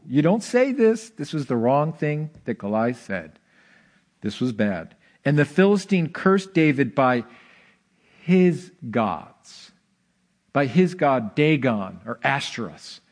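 A man preaching a sermon, telling a scripture story in an animated way, with bursts of excitement and dramatic slowdowns. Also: fairly high pitch. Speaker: pastor.

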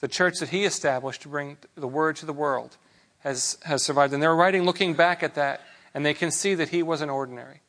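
A man preaching a sermon in a relaxed, conversational way, with rhetorical questions and frequent restarts. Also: on the high side, brisk. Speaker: pastor.

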